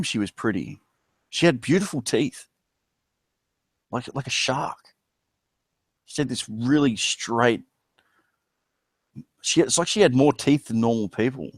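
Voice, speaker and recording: A man's voice: mid-range voice, expressive, takes it slowly, pauses often, slightly rough, dry recording. A man with an Australian accent, chatting casually and rambling, with crude jokes. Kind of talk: casual chat.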